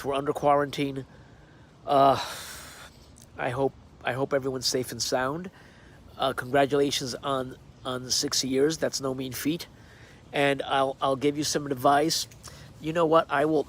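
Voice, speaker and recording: A man recording a casual video greeting outdoors on his backyard deck, friendly and hesitant, with many fillers. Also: medium pitch. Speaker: celebrity well-wisher sending a video message.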